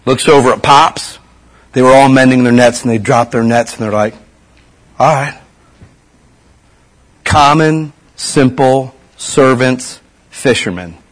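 A man's voice: medium pitch, fairly bright tone, breathy edge. A middle-aged man giving a casual, folksy sermon as a pastor, full of slang and repeated asides.

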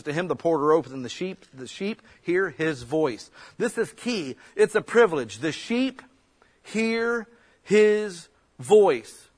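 A man, a pastor giving a folksy, conversational sermon, breaking into sudden loud bursts. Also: medium pitch, husky.

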